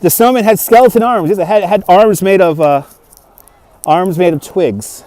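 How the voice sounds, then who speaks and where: A man's voice: high voice, normal speed, a little mellow, no room sound. A man hosting a casual walking livestream outdoors in a snowy park, chatting and answering viewer comments while holding a phone on a gimbal. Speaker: livestream host. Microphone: phone on a handheld gimbal.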